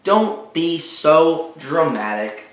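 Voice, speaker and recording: A man's voice: fairly high pitch, sing-song, very slow, a bit bright, exaggerated voice. A man voicing an exasperated mother who scolds and bargains with her son, read aloud in a roomy space. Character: exasperated mother sorting her son's toys. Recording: roomy echo.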